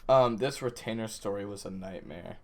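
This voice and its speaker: A young man in casual podcast chat with friends, telling his stories with lots of animation. He acts out the quotes and shouts as he goes. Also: lowish voice, moderate pace, background noise. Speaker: podcast host.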